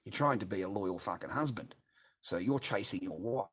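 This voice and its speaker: A man's voice: lowish voice, animated, normal speed, a bit bright, slight background noise. A middle-aged Australian man talking on a casual livestream, bitter and rambling, swearing constantly as he answers his chat.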